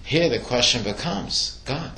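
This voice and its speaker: A man teaching a class, middle-pitched and lively, throwing questions at his listeners and acting out the voices in his stories. The room is echoey and bare. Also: unhurried. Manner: questioning, animated storytelling with acted quotes. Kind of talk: classroom Torah lesson.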